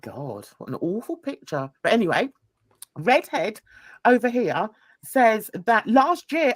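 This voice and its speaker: A woman's voice: medium pitch, big pitch swings, slow, no echo. Woman host cracking up and teasing, voice swings up and down a lot. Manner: mocking, laughing, sarcastic asides. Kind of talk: casual chat reacting to clips.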